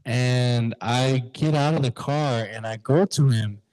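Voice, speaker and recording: A young man in class casually telling a funny story, animated and full of fillers. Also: mid-range voice, slow, no echo, rough recording. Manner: animated, lots of fillers and restarts.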